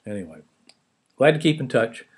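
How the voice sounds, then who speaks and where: A man's voice: mid-range voice, expressive, normal speed, husky. Chatty man showing off his cooking. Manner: chatty, rambling, restarts, talks while chewing. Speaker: home cook vlogger. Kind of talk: casual food show-and-tell.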